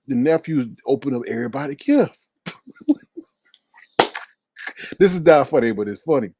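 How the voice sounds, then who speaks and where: A man hosting a casual livestream, retelling a story with lots of laughter and acting out the scenes in high voices. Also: darkish tone, husky, no room sound. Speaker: livestream host reading viewer comments.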